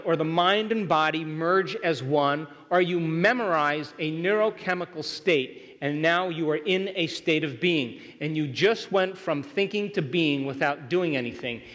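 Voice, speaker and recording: A man's voice: sits high, a bit bright. Emphatic man lecturing in a reverberant hall. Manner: emphatic, keeps checking in with the audience. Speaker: workshop speaker. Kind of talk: motivational lecture to a live audience.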